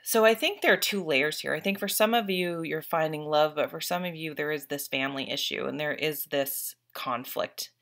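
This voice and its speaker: A woman's voice: sits low, normal speed, hardly any pauses, a bit bright. A young woman giving a casual, earnest tarot reading, openly emotional as she talks through the cards. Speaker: tarot reader.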